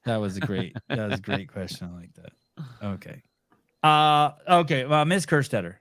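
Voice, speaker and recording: A man's voice: mid-range voice, expressive, normal speed, a bit bright, no room sound, studio quality. Joking man co-hosting a podcast. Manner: loose, joking, profane. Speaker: podcast co-host. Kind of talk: casual podcast banter.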